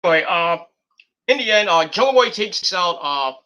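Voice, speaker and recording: A man's voice: high voice, expressive, unhurried, pushed and bright. A man giving a rambling, profane and exasperated review of a wrestling show. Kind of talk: casual rant review.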